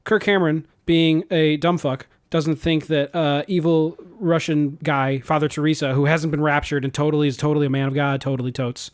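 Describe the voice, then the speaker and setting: A man co-hosting a podcast, casually recapping a movie plot in a rambling, profane and animated way. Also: a little high, brisk, hardly any pauses. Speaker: podcast co-host.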